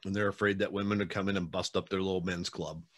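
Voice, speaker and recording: A man's voice: sits low, level tone, fast talker. A man hosting a podcast interview, talking bluntly and heatedly with many fillers. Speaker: podcast host. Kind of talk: casual interview chat.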